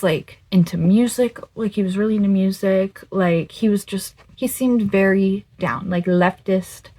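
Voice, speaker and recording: A young woman in her twenties telling a dating story to the camera in a casual, animated way, stretching words for emphasis and swearing in disbelief. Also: medium pitch. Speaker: vlogger.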